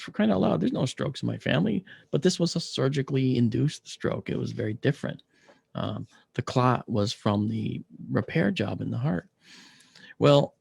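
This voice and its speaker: A man of science recounts a personal experience in an animated storytelling manner, acting out the people he quotes. His voice has a gravelly, husky grain. The recording is dry and close, with no room sound. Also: medium pitch, dry recording. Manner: acts out dialogue in lively quoted voices.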